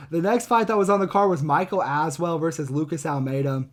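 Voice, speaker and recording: A man's voice: fairly high pitch, normal speed. A young man casually hosting a reaction video, talking bluntly with lots of swearing and rambling asides. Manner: blunt, profane, rambling, chuckling.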